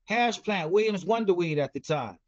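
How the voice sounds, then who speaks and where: A middle-aged man tells a story in loose, rambling talk, circling back with "you know" and restarts. His voice sits high for a man. The recording is dull and lo-fi. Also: lively intonation, normal speed, a little mellow. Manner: rambling, repeats words and fillers like "you know". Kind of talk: casual storytelling.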